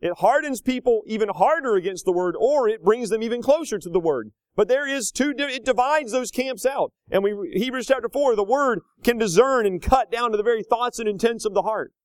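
A man in his thirties preaching a sermon, rising to loud, slow emphatic lines and dropping to quiet, casual asides. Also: animated, dry recording. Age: 30s. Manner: swings between loud emphatic peaks and low conversational asides; slows down hard on key phrases.

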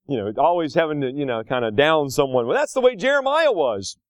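A man preaching a sermon, his fairly high voice swooping up and down as he tells the story. He talks in a folksy, animated way and slips in little acted asides. The sound is close and dry, with no room around it. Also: brisk, no echo. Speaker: pastor.

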